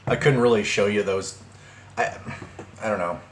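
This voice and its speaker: A young man vlogging casually about a breakup, halting and restarting his sentences with many fillers. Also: on the low side. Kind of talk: casual personal vlog. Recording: echoey room with faint ambient noise.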